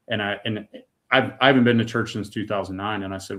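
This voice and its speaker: A man's voice: lowish voice, fairly even intonation, fast talker, fairly bright tone. A middle-aged man giving an emotional personal testimony as a podcast guest, talking casually with words like "dude" and "man".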